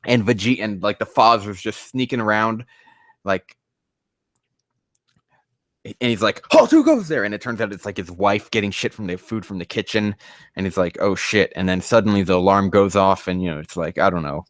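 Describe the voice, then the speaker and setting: A man's voice: fairly low pitch, fairly even intonation, normal speed, a bit bright, dry recording, clean studio sound. A man reading fanfiction aloud and ranting about it in profane, exasperated commentary.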